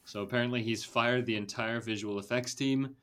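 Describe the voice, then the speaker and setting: A man's voice: medium pitch, fairly even intonation, brisk, fairly bright tone, smooth. A young man hosting a casual movie podcast, chatty and rambling, with lots of fillers and laughter. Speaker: podcast host. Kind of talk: casual chat.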